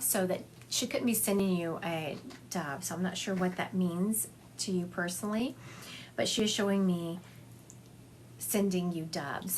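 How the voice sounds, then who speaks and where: A woman's voice: mid-range voice, a little hiss or hum. Chatty woman doing a psychic livestream. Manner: chatty and affectionate, calls listeners honey, laughs often. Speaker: psychic medium. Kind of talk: livestream reading for viewers. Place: at home. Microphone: phone livestream.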